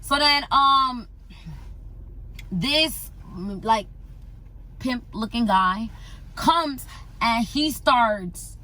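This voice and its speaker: A young woman from the United States, telling an animated, slangy storytime vlog and repeating herself for emphasis. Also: on the high side, drawn-out words, pauses often, poor audio. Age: young adult. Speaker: vlogger.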